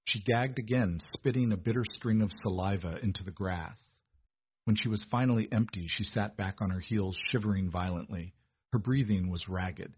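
Low husky male story narrator. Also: normal speed, dry recording, muffled recording.

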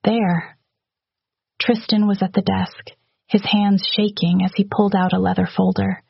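Gravelly, husky woman narrating a story. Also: medium pitch, level tone, a little slow, no room sound, muffled recording. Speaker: audiobook narrator. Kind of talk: scripted narration.

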